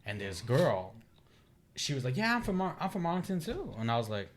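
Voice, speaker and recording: A man in his thirties, appearing as a podcast guest, tells casual stories at a fairly quick clip in a mid-range voice. He's animated, swears and laughs a lot, and acts out what people said.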